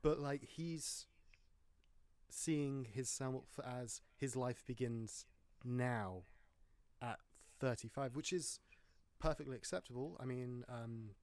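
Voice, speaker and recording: A man's voice: mid-range voice, slow pace, darkish tone, no room sound. A man hosting a casual film podcast, talking in a chatty, rambling way with wry jokes. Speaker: podcast host.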